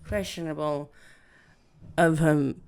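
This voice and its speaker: A woman's voice: low voice, fairly even intonation, slow, a little mellow, clean tone. A young woman co-hosting a comedy podcast, telling stories in casual chat with lots of laughing and filler words. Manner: giggly, laughs often, many fillers. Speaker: podcast co-host.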